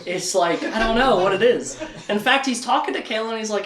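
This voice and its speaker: A man presenting a casual lecture, retelling events and acting out the characters' lines in quick quips. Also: high voice, fairly bright tone, roomy sound. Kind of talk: casual lecture with slides and jokes.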